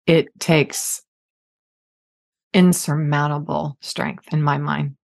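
Low-voiced woman hosting a warm chat. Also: flat delivery, takes it slowly, gravelly. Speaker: podcast host. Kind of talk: casual conversational interview.

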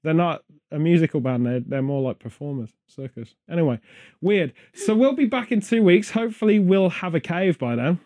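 A man's voice: on the high side, expressive, moderate pace, warm tone, no echo. A British man hosting a podcast, rambling through casual chat full of wry, absurd jokes. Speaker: podcast host.

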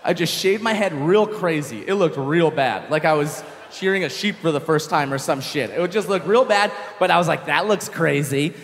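A young man doing stand-up comedy, telling a story in an animated way, swearing freely and acting out shouts. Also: on the high side, moderate pace, few pauses, long reverb tail.

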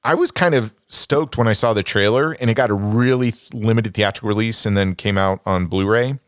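A man's voice: lowish voice, fairly quick, dry recording, studio quality. A man co-hosting a casual movie podcast, bluntly ranking and trashing films he disliked. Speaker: podcast co-host.

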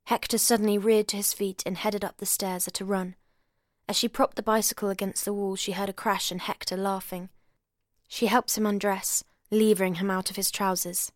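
A woman reads a novel aloud in a measured, soft narrating voice of middling pitch. The recording is close and dry, with no room echo. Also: flat delivery. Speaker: audiobook reader.

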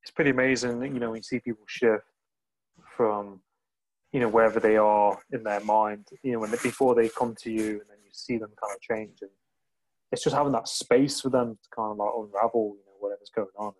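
A man's voice: fairly low pitch, fairly even intonation, brisk, darkish tone, low-quality recording. A man who hosts a podcast and also coaches, thinking aloud in loose phrases full of fillers. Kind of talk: casual interview conversation.

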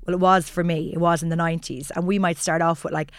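Chatty Irish woman, low voice. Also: flat delivery, fast, clean tone, dry recording. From Ireland. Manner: chatty and descriptive, self-deprecating asides. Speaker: journalist and podcast co-host. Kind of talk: casual conversational chat.

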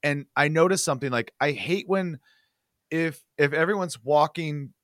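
A man's voice: fairly high pitch, normal speed, fairly bright tone, no echo, studio quality. A man co-hosting a podcast, ranting in casual chat and swearing freely. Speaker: podcast co-host.

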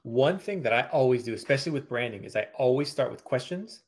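A man's voice: mid-range voice, lively intonation, quick pace. A man who is a graphic designer, answering interview questions and acting out client exchanges as he explains. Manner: explains steadily, acts out client dialogue.

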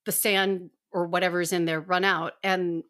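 A woman's voice: on the low side, little pitch movement, normal speed, fairly bright tone. A woman co-hosting a casual fan podcast, talking animatedly and acting out characters' lines as she retells scenes. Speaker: podcast co-host.

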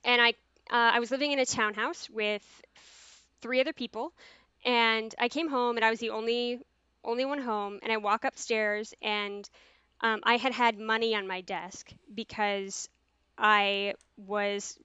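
Animated swearing woman telling a story. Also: a little high, a little slow, smooth, no echo. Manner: animated, swears freely, many "like" fillers. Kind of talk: casual podcast storytelling. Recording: dull, dry sound.

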